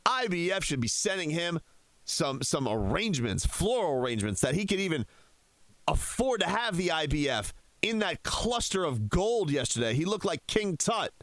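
A man's voice: fairly high pitch, very animated, normal speed, fairly bright tone, dry recording. Fired-up male sports radio host. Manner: heated, sarcastic ranting. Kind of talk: sports talk radio rant. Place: radio studio.

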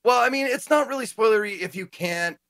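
A man's voice: high voice, animated, brisk, fairly bright tone, no echo, studio quality. A man co-hosting a casual gaming talk show, playful and prone to mock announcer voices. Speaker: co-host. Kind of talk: casual chat.

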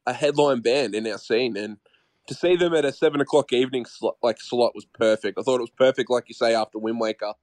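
A man co-hosting a podcast in casual chat, excitable and swearing, often calling his co-host by name. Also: mid-range voice, brisk, no echo.

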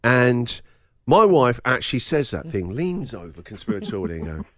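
A man's voice: medium pitch, normal speed, dry recording, studio quality. A man hosting a radio breakfast show, telling a story in casual chat and acting out the people in it. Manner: animated, laughing storyteller acting out quotes.

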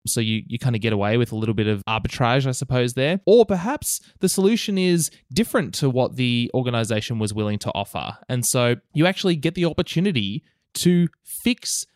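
A man's voice: mid-range voice, lively intonation, fairly quick, dry recording, studio quality. A man co-hosting a podcast, talking in a thoughtful, analytical way with casual asides. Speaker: podcast co-host. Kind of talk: reflective podcast talk.

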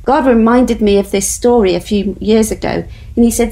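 A woman's voice: fairly high pitch, fairly even intonation, moderate pace, dark tone, low-quality recording. A woman, a guest in an interview, telling her story in an earnest, faith-driven way.

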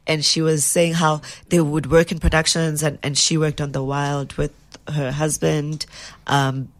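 A South African woman with a very deep, husky voice, talking animatedly in a casual interview as an actress and laughing often. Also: a little slow. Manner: animated, laughing, mixes in Zulu phrases.

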